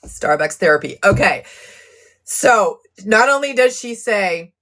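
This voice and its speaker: Worked-up woman streamer ranting about a court case, reading chat out loud, wound up. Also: medium pitch, measured pace. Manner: fired-up, venting and reading chat aloud. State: agitated, blood pressure up. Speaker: true crime live streamer. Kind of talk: casual live-stream commentary.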